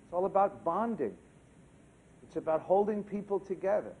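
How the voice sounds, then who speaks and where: A man who is a rabbi giving a sermon during a synagogue service, animated and humorous, often asking the congregation questions. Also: high voice, normal speed, lo-fi sound.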